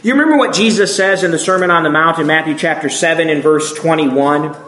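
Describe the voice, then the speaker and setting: A man's voice: fairly high pitch, a little fast, a bit bright. A man preaching a sermon, emphatic and asking his listeners rhetorical questions. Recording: echoey room.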